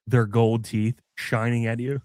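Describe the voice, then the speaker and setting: A man's voice: medium pitch, level tone, a little slow, a little mellow, dry recording, studio quality. A man co-hosting a casual podcast, teasing and joking, laughing often. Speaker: podcast co-host.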